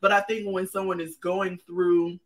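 A woman's voice: fairly low pitch, level tone, normal speed. A woman chatting as a guest in an earnest, plain-spoken way, her voice sounding a little distant from the microphone. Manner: earnest, plain-spoken, calls herself not talkative. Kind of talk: casual chat.

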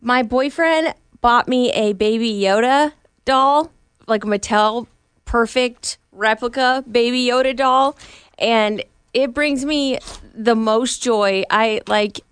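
A woman's voice: a little high, slow, fairly bright tone, smooth, no room sound. A woman chatting casually on a talk show, rambling through stories and often saying "like". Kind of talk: casual chat.

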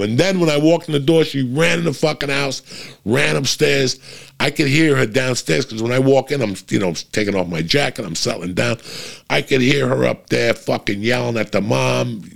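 A middle-aged man telling a long, casual, profane story about his kid. He gets louder and higher when he is worked up. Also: moderate pace, vocal fry.

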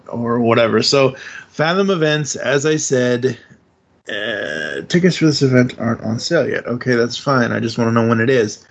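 Rambling enthusiastic man hosting a podcast. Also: mid-range voice. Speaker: podcast host. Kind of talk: casual fan chat.

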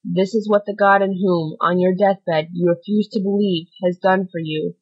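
A woman's voice: on the low side, fairly even intonation, muffled recording, close to an everyday voice. A woman voicing a stern solemn priest. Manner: grave, measured, admonishing.

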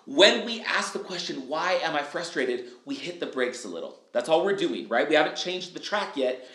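A man talking on a podcast, lively and casual, who acts out little quoted lines in other voices. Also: on the high side, moderate pace, roomy sound. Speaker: guest speaker. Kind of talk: energetic podcast interview.

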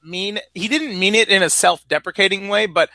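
A man's voice: high voice, moderate pace, vocal fry, bright, forceful tone, no echo. A man co-hosting a podcast, chatting casually about politics with lots of "like" and hedging. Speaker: podcast co-host.

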